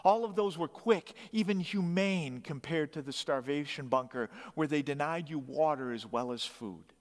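A man's voice: on the high side, moderate pace. A man preaching, telling a story dramatically with emphatic rising bursts. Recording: long hall reverb.

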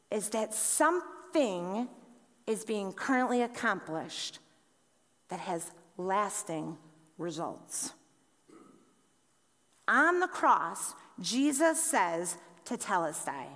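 A young adult woman preaching a sermon, slow and deliberate, letting her voice drop quietly on key words. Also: medium pitch. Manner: slow, deliberate delivery with dramatic drops in volume. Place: church sanctuary. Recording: long reverb in a large hall.

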